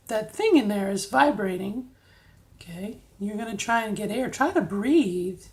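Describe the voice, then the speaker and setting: On a casual instructional vlog, a middle-aged woman coaches viewers through voice training drills, often checking in with "okay?" Her voice is mid-range and a little mellow.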